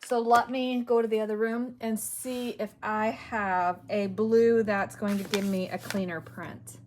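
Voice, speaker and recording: Slow, musing crafting woman. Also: mid-range voice, level tone, slight background noise. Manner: talks to herself while working, trailing off and muttering. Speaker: craft video host. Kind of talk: casual crafting commentary.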